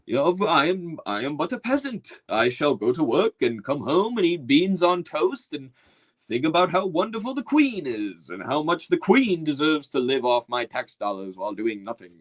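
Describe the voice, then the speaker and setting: A man's voice: medium pitch, big pitch swings, measured pace, fairly bright tone. A man putting on a meek, servile male commoner who speaks with prim, mock-posh deference.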